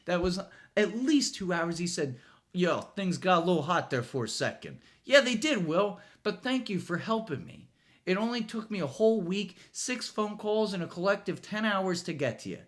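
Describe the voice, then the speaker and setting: A man's voice: high-pitched, big pitch swings, moderate pace. A young man hosting a casual late-night monologue from a studio, rambling, profane and self-mocking. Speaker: host.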